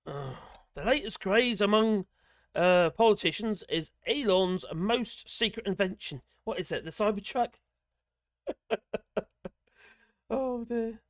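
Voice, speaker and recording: A man's voice: high-pitched, expressive, takes it slowly, long pauses, a bit bright, no echo, studio quality. A man hosting a live politics stream, rambling and blunt, swearing freely and chuckling as he talks. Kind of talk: casual live-stream commentary.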